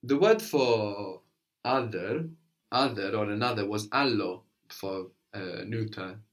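A man's voice: fairly low pitch, takes it slowly. Patient male language teacher. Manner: patient, prompting questions with brief praise. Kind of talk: one-to-one language lesson.

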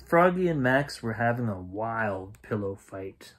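A man reading a bedtime picture book aloud at an unhurried pace. His voice swings widely, and he plays out every sound effect. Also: fairly low pitch. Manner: slow and expressive, with sound effects. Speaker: storyteller. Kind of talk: bedtime story read-aloud.

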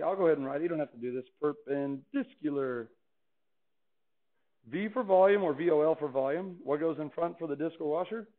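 A man teaching a calculus class in a chatty, playful way, often asking the students questions. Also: fairly high pitch. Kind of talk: classroom lecture. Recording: tinny phone-like classroom recording.

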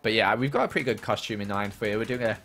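A man's voice: lowish voice, rapid-fire, a bit bright, faint music behind. A young man chatting casually on a gaming livestream and answering viewer questions as he plays.

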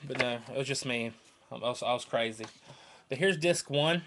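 A man's voice: medium pitch, steady tone, moderate pace, fairly bright tone, slight background noise. A man in his twenties from North Carolina with a Southern accent, talking to camera in a rambling, earnest and emotional way that repeats itself. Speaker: vlogger. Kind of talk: casual rambling vlog to camera.

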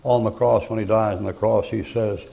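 A man's voice: on the low side, fairly even intonation, moderate pace, gravelly, mellow. An older man preaching a folksy, joking sermon, rambling through homespun stories.

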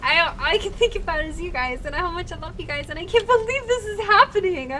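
A woman's voice: very high voice, lively intonation, a little fast, bright, forceful tone, slight background noise. A woman streaming live while she plays a game, gushing and thanking her viewers one by one, moved almost to tears. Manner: easily moved, close to tears. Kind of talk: casual live-stream chat while gaming.

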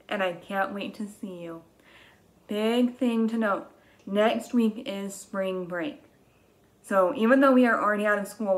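A young woman teacher reading a picture book aloud to young children, slow and gentle, gasping with exaggerated excitement. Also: medium pitch.

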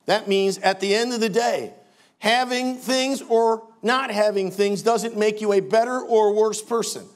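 Older pastor guy, kinda high voice, preaching hard with little jokes. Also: steady tone, unhurried. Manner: emphatic preaching with wry asides. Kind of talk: sermon.

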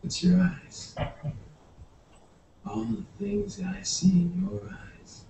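An actor with a Boston accent playing an eerie, obsessed male detective, talking slowly and dropping into whispers. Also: sits high, flat delivery, gravelly, roomy sound, far from the mic, slight background noise, exaggerated voice, low-quality recording. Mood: eerie, hushed. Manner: slow, hushed, drops to whispers. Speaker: audition actor.

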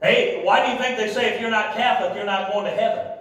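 A man preaching a sermon as pastor, with a Midwestern American accent, shouting in bursts and drawing amens back from the congregation. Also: high-pitched, steady tone, fast. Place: large church sanctuary. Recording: echoey hall, heard from far off. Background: congregation calling amen.

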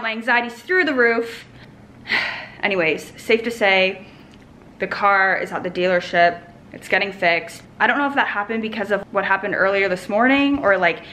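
A woman's voice: mid-range voice, pushed and bright, slight background noise. A young woman in her twenties chatting to camera as a vlogger, telling a story casually and swearing freely. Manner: chatty, swears freely, tells stories animatedly.

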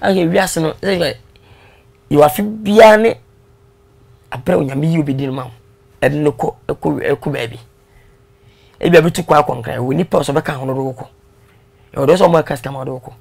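Gravelly man telling his story. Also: on the high side, fairly quick, pauses often. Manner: animated storyteller, laughs, mixes in English. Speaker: guest. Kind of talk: casual interview talk.

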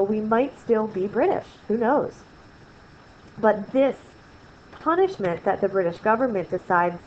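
A woman teaching a history lesson in a recorded screen lecture, chatty and often asking "right?". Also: medium pitch. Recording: slightly dull, faint noise.

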